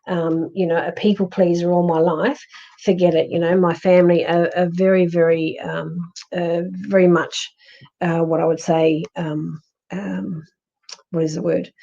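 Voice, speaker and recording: An Australian woman with a lowish, level voice speaks at a measured pace, her dark tone touched with vocal fry, on a lo-fi recording. She's a psychic medium hosting a livestream, chatting warmly and reassuringly as she reads viewer comments aloud, full of ums and restarts.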